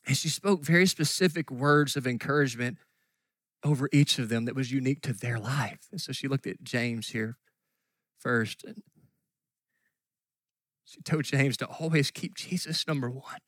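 A middle-aged man preaching a sermon, telling a story earnestly and dropping at times to soft near-whispers. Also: mid-range voice, normal speed, pauses often, no room sound. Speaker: pastor.

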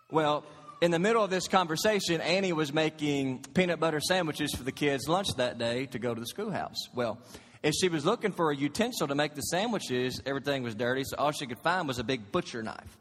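A man in his thirties preaches to his congregation with a high voice. He tells stories, dropping to quiet tones and then climbing to loud, emphatic lines. The sanctuary carries a long, lingering reverb. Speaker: pastor. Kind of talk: sermon. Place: church sanctuary.

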